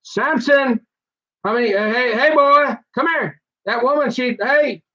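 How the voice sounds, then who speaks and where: Guy doing squeaky excited pals yelling warnings, lo-fi audio. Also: a little slow, heavily acted. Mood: urgent.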